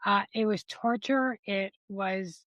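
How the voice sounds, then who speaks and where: A woman hosting an interview podcast, asking her questions gently and filling pauses with soft murmurs of agreement. Her voice sits at a middle pitch. The recording is dry and close. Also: no echo. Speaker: podcast host. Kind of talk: interview conversation.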